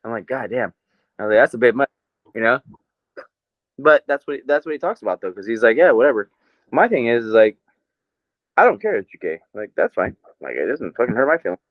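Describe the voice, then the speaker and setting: A man's voice: mid-range voice, big pitch swings, quick pace, dry recording, highs cut off. A man with an American accent, co-hosting a podcast in casual, rambling, profane chat with frequent laughter. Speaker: podcast co-host.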